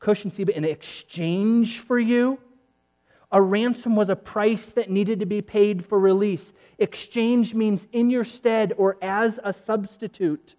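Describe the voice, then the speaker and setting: A man preaching a sermon as pastor, telling a story with laughter and moving from hushed, slow lines to loud, lively ones. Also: high voice.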